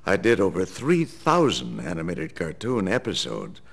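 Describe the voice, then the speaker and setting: Older veteran voice actor, gravelly and animated, telling a story. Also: male voice, low voice, moderate pace. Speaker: cartoon voice actor. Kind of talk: anecdote told to camera.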